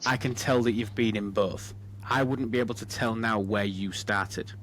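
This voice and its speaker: A man's voice: fairly low pitch, steady tone, moderate pace, fairly bright tone, slight background noise. Chatty man with a Hull accent. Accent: Hull, England. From Hull, England. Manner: chatty, rambling, asks for agreement. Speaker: podcast host. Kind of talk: casual chat.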